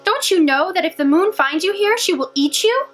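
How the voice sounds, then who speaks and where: A woman voicing a protective little old housekeeper woman who scolds and fusses in a high voice. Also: animated, moderate pace, soft background music. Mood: fussing.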